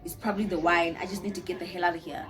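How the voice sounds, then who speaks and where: A young woman, telling a personal story to camera in a casual, animated way, often repeating herself. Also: on the low side, rapid-fire. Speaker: storytime vlogger.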